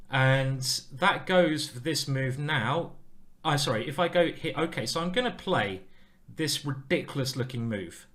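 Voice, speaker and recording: A man streaming his own blitz chess games and talking through every move. His bright, forward voice jumps between quiet muttering and excited teasing of his opponent. His commentary is playful and self-mocking throughout. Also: mid-range voice. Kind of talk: live game commentary.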